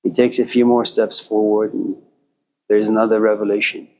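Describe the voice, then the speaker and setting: A man giving a lecture and telling a story with lively, acted-out voices. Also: lowish voice, moderate pace, slight background noise, poor audio. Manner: animated storyteller, acting out voices.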